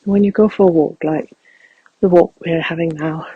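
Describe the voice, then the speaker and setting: A man speaking softly and reflectively as he guides a walking meditation outdoors in a field. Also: a little high, normal speed, husky, no echo, phone-quality sound. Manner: calm, reflective, soft-spoken.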